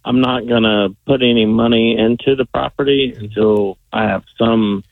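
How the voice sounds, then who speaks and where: A man's voice: medium pitch, steady tone, moderate pace, gravelly, no room sound. A man calling in to a radio show, speaking hesitantly with many fillers. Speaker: caller. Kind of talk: phone-in call. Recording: tinny phone line.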